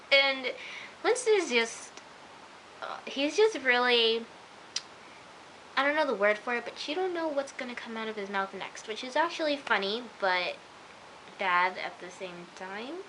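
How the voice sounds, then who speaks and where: Bright-voiced chatty woman vlogger. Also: on the high side, expressive, a little slow, pauses often, slight background noise, rough recording. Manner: chatty and rambling, full of "like" and "oh my gosh". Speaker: TV episode reviewer. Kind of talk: casual chat to camera. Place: at home, in pajamas.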